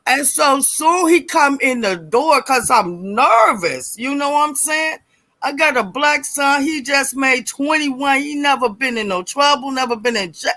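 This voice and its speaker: A middle-aged woman telling a personal story in a casual, animated way, acting out voices and laughing as she goes. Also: high-pitched, unhurried, no room sound. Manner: animated, acts out quoted voices, laughs often.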